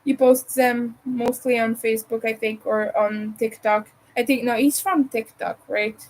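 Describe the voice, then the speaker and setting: A woman's voice: fairly high pitch, fairly even intonation, a little slow, low-quality recording. A woman from Montreal with a Montreal English accent, hosting a casual crochet livestream from home, rambling and thinking aloud as she works. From Montreal, Canada. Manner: rambling, chatty, thinks aloud while crafting.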